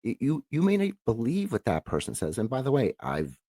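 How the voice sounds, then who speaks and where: Male co-host, low husky gravel, lively swings in pitch, agreeable and earnest. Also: no echo, studio quality. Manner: agreeable, quick interjections, earnest when explaining. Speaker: podcast co-host. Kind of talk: casual podcast chat.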